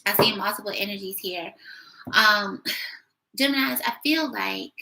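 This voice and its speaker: A woman's voice: medium pitch, measured pace, vocal fry, bright, forceful tone, rough recording. A woman giving a casual tarot reading at home, chatty, with many fillers and little laughs. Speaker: tarot reader.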